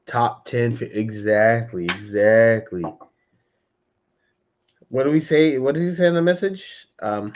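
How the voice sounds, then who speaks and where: A man's voice: medium pitch, a little slow, pauses often. A man hosting a casual livestream, chatting loosely with viewers from home and calling them by name. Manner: loose and chatty, addresses chat by name, says "dude". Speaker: livestream host. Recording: slightly dull lo-fi stream audio.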